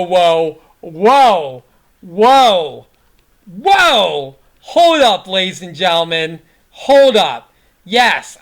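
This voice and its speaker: A woman's voice: medium pitch, fairly bright tone. Rambling woman recapping football. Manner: rambling, full of fillers. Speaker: sports podcast host. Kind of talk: casual sports recap.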